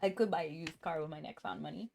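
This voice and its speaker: A woman's voice: deep voice, fast, vocal fry, a little mellow, a little hiss or hum. A woman live-streaming a game, chatting casually and answering her chat, with a cough now and then.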